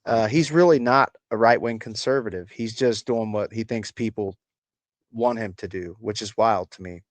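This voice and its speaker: A man's voice: fairly low pitch, normal speed, no echo. Man, slight Appalachian country accent, livestream host, crude and sarcastic, dry close mic. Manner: crude, sarcastic, swearing, reads chat aloud. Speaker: livestream host reading chat. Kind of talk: casual livestream chat.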